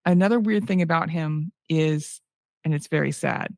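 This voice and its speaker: Low, gravelly woman; chatty podcast co-host spinning anecdotes. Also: normal speed, darkish tone, dry recording, clean studio sound. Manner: storytelling, acts out quoted people. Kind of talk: casual chat.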